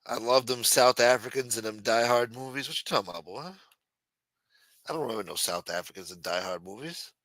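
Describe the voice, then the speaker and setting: A man's voice: mid-range voice, brisk, a bit bright, no room sound, poor audio. Profane, teasing male livestream host. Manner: profane, teasing, riffs on viewer chat. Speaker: live show host. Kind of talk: casual live-stream chat.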